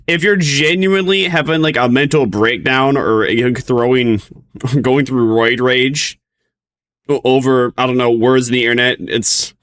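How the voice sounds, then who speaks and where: A man's voice: medium pitch, steady tone, measured pace, fairly bright tone. A sleep-deprived man streaming a reaction video, rambling and stumbling over his words as he comments. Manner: rambling, stumbling restarts, giggly.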